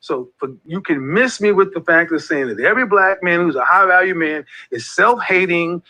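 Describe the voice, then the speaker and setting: A man's voice: high voice, expressive, normal speed, sharp tone, poor audio. A man in his forties hosting a casual monologue, talking emphatically and repeating phrases like a preacher. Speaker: host of a men's group talk.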